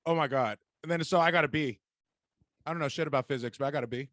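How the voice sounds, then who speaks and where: Lively young man hosting a podcast. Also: fairly high pitch, fast, no echo. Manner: animated, laughs often, storytelling with quoted voices. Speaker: podcast host. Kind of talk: casual chat.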